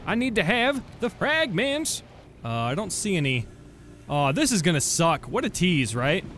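A young man giving excitable gameplay commentary as a let's play host, bursting into surprised shouts and swearing freely. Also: high-pitched, unhurried, a little hiss or hum.

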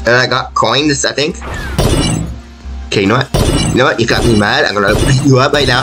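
Trash-talking male gamer over loud music. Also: medium pitch, a little fast, pauses often. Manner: trash-talking, excitable, slangy. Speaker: gaming channel host. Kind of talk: casual gameplay commentary. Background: loud game music.

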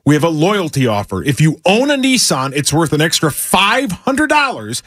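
A man with a slightly high, lively voice reads a dealership radio ad. The sound is dry and close. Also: moderate pace, no echo. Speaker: car dealership owner in radio ad. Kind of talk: scripted radio ad.

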